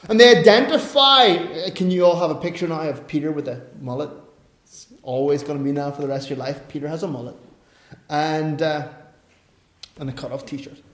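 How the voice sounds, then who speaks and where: A high-pitched man preaches a sermon in a roomy, echoing space. His delivery is animated storytelling that swings between soft asides and sudden loud emphasis. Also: normal speed. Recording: echoey room.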